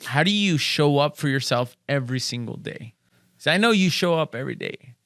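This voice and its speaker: A man hosting a podcast interview in an easygoing way, asking questions and quickly agreeing. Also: a little high, animated, a bit bright, no room sound, clean studio sound. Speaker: podcast host.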